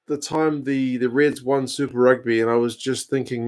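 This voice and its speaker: A man's voice: mid-range voice, steady tone, normal speed, hardly any pauses. A man, chatting casually on a live stream as host, answering viewer comments while watching a rugby match.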